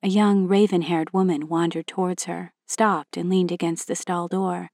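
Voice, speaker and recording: Woman, storybook narrator, steady reading, dry sound. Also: fairly low pitch, moderate pace, no room sound.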